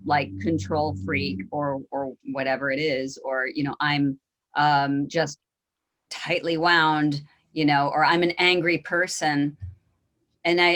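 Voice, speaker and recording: A woman hosting an interview podcast, a therapist who talks thoughtfully with many pauses and "um"s. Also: low-pitched, fairly bright tone. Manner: thoughtful, rambling, many "um"s and restarts. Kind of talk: casual interview chat.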